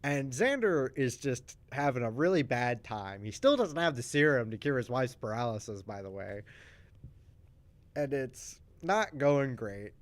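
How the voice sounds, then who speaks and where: A man in casual chat, recapping soap opera plot twists for a stream with animated storytelling, frequent restarts and asides. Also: mid-range voice. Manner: acts out characters' lines in quick voices.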